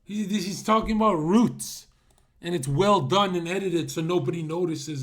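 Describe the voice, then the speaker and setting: A man's voice: sits high, normal speed. Guy streaming live, cussing a lot, keeps asking his chat "what are you doing", totally incredulous. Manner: blunt, profane, incredulous ranting; talks to chat, frequent rhetorical questions. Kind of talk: casual live-stream commentary.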